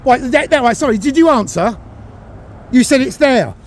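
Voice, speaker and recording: Shouting, taunting high-voiced Englishman outdoors. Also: lively intonation, moderate pace, a crowd in the background. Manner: taunting, shouting, mocking name-calling. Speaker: YouTube auditor filming. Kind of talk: confrontational street filming. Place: outdoors by an office building.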